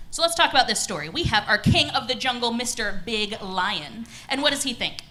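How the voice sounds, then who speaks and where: A woman leading children's story time in a church service, gentle, encouraging and animated as she guides the kids. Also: on the high side, moderate pace, few pauses, slight background noise, rough recording. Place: church sanctuary.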